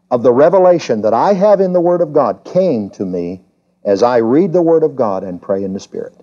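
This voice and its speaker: A male pastor teaches an evening sermon in church, his voice mellow and dark yet swinging widely in pitch as he presses each point. He keeps asking his congregation questions. The recording sounds dull and slightly lo-fi. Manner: emphatic preaching, climbing high when stressing points. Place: church during a service.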